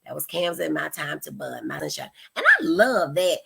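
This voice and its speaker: Bright, animated woman giving parenting advice. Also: low voice, moderate pace, gravelly, breathy edge. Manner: animated, expressive, acts out quotes. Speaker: parenting talk host, mother. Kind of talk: casual advice talk to camera.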